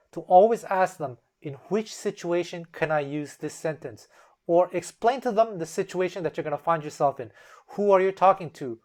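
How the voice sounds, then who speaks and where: A language-lesson host explaining step by step in a casual way and acting out example phrases in shifting tones. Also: mid-range voice.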